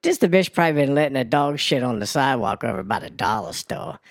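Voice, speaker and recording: A man voicing a brash, foul-mouthed woman who reads crude news and weather on a comedy radio show, ranting with a gravelly sass. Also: mid-range voice, lively intonation, fast talker, no echo, studio quality. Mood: sassy. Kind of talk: comedy radio character bit.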